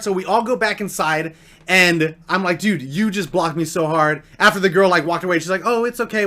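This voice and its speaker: A man's voice: high-pitched, sharp tone. A young man telling a rambling, slangy storytime anecdote on his vlog. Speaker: vlogger.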